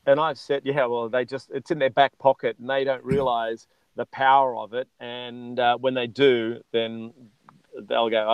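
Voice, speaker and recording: A man's voice: mid-range voice, little pitch movement, unhurried, clear, resonant tone, no room sound, muffled recording. A man, a guest in a casual interview, talking with enthusiasm and calling the host "mate". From Australia. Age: 50s. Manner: enthusiastic, says "mate" often. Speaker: chocolatier guest.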